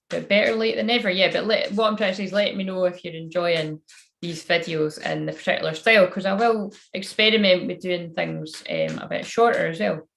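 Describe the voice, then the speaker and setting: Lady doing a live card reading, low husky-fried voice, rambly and chatty, cuts herself off a lot. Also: a little hiss or hum. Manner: rambling and chatty, often breaking off mid-sentence. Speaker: oracle card reader and spiritual counsellor.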